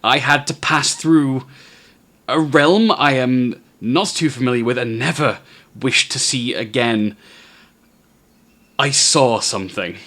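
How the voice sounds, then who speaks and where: A man voicing a terrified male adventurer who has just come back from death, shouting breathlessly. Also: fairly high pitch, normal speed, voice pushed up, natural voice. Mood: frantic.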